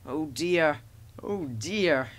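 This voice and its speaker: A man's voice: high-pitched, normal speed, fairly bright tone, voice pushed up. A man voicing a cheeky little tank engine. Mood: grumbling. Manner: boastful, impatient, teasing.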